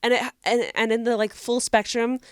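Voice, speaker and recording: A woman's voice: on the high side, little pitch movement, normal speed, smooth, no room sound, clean studio sound. Young woman giving earnest advice. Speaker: podcast co-host. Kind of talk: casual advice chat.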